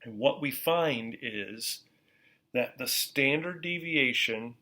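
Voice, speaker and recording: A male university lecturer explaining statistics in a casual classroom lecture, repeating key points slowly and checking in with "okay?". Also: mid-range voice, bright, forceful tone.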